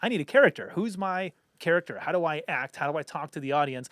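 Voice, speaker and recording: Man, podcast co-host, emphatic rambling talk, slightly high voice, dry close mic. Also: fast, dry recording. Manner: animated, emphatic, rambling with fillers. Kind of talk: casual chat.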